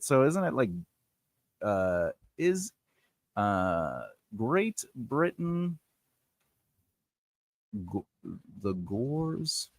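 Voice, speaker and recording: A man's voice: mid-range voice, a bit bright, no echo, studio quality. A man hosting a casual live stream as a writing coach, chatty and rambling, with plenty of fillers, repeats and playful asides. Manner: playful, laughs often and reacts to the viewer chat.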